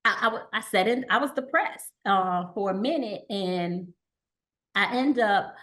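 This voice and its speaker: A woman guest on an interview show, telling her personal story in a halting way with restarts and quoted dialogue. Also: mid-range voice, a bit bright. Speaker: guest, cancer survivor.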